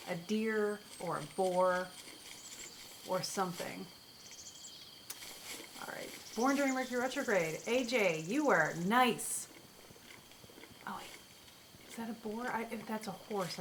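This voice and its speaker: A woman's voice: mid-range voice, background noise. Chatty woman narrating her gameplay. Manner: chatty, talks to game creatures and chat. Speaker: streamer and astrologer. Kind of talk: casual gameplay commentary.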